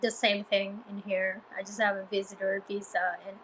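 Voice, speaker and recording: A young woman chatting casually in a vlog, talking in halting phrases with pauses. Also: medium pitch, flat delivery, a bit bright, a little hiss or hum, rough recording. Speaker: vlogger and Spanish teacher. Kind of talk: casual chat.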